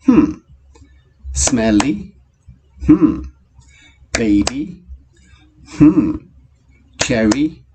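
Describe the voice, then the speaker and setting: Man, phonics teacher, unhurried, patient with children, gravelly voice, soft keyboard typing behind. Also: on the low side, slight background noise. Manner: slow, patient, talks directly to young pupils. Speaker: primary school teacher. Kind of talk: recorded phonics lesson.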